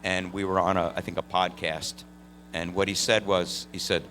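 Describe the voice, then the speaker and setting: A man on a convention panel, telling animated stories full of fillers and laughs. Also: deep voice, normal speed, a little hiss or hum. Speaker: voice actor panel guest. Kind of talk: storytelling on a live convention panel.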